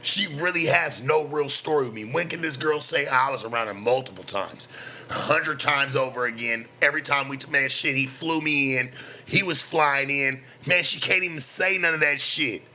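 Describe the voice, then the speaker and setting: A man's voice: mid-range voice, moderate pace, pushed and bright, a little hiss or hum. A man in his thirties hosting a late night talk show, ranting casually and defensively with lots of slang and swearing. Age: 30s. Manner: boastful, defensive, heavy slang. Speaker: show host. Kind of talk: profane casual rant.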